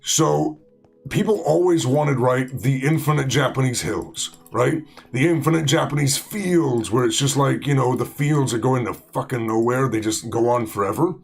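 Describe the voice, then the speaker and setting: A man's voice: medium pitch, moderate pace, creaky, slightly rough, soft background music. A man hosting a game let's play, chatting casually in a rambling way full of fillers and restarts. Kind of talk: casual gaming commentary.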